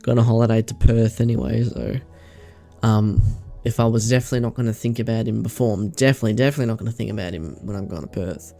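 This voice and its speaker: A man's voice: lowish voice, fast, creaky, mellow, faint music behind. A young man with an Australian accent chatting casually to camera in a vlog, rambling, slangy and sweary. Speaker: vlogger.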